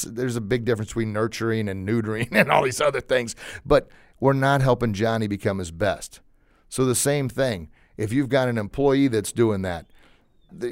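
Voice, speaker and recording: Guy doing a motivational talk show, pushy coach vibe, says things twice, mid pitch, no room echo. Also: studio quality. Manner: emphatic, coaching tone; repeats phrases for emphasis. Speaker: podcast host.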